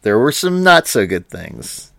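A man's voice: medium pitch, sing-song, a little slow, vocal fry, fairly bright tone, no room sound, clean studio sound. A man co-hosting a podcast in casual chat, rambling with frequent fillers and laughs. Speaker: podcast co-host.

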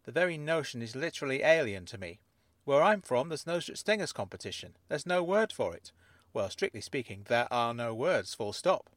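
A man voicing a mysterious woman who claims to come from another planet, speaking in a calm, measured and quietly guarded way in an audiobook. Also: mid-range voice, dry recording, lightly acted. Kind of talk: audiobook character voice.

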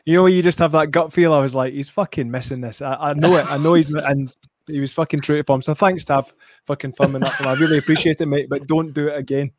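A Scottish man talking football on a podcast from home, cursing freely and restarting his sentences. His voice sits a little high for a man. The recording is dry and close, with no room sound. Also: fairly even intonation, fast talker, no echo. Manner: sweary and laughing, with frequent restarts. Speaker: podcast co-host. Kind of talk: casual football chat. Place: at home, remote.

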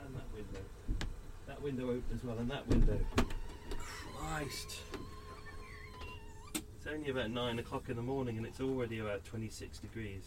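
A man's voice: medium pitch, normal speed, pauses often, very noisy. A middle-aged man hosting a podcast at home, tired and chatting in a rambling, self-correcting way. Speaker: podcast host. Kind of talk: casual chat. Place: at home indoors.

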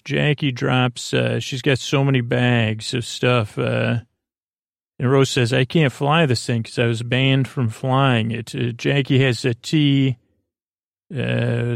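A man hosting a sleep podcast, recapping an episode in a rambling, hesitant way with many pauses. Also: medium pitch, creaky, no echo, clean studio sound. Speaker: podcast host.

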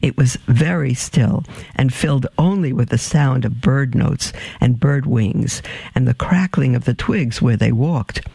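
A man reading a children's story aloud at an unhurried pace, stopping now and then to explain an aside. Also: medium pitch, creaky, warm tone, husky, no echo. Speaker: reader.

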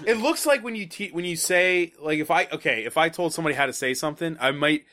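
A man casually discussing a movie with friends, animated and swearing, acting out scenes. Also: a little high, fast.

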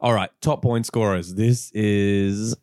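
A man's voice: on the low side, steady tone, takes it slowly, darkish tone, no echo, studio quality. A man hosting a casual fantasy football podcast, joking and steering the talk from one match to the next. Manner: jokey, leads the running order. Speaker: podcast host.

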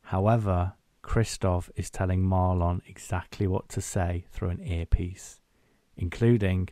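A man's voice: sits low, steady tone, a little slow, warm tone, no room sound. A man co-hosting a podcast, recapping a film's plot in casual chat and acting out scenes in quoted voices. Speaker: podcast co-host.

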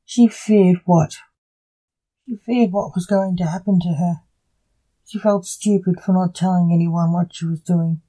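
A narrator reading a dark short story in a slow, deliberate way. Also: mid-range voice, fairly even intonation, low-quality recording.

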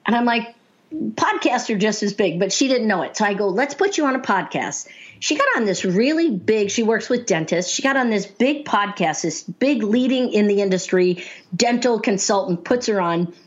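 A woman speaking coach telling stories in casual talk, lively and laughing often as she acts out the voices she quotes. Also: medium pitch, normal speed. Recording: dull lo-fi sound.

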